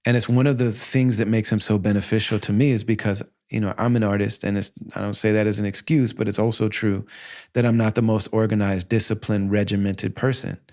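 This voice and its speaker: A man in his forties hosts his own podcast, telling a personal story in a loose, conversational way. His voice sits fairly low with a gravelly edge, and he keeps breaking into animated quotes of himself. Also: fairly quick. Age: 40s. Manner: animated, heartfelt, quotes himself in lively asides. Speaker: podcast host. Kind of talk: casual storytelling monologue.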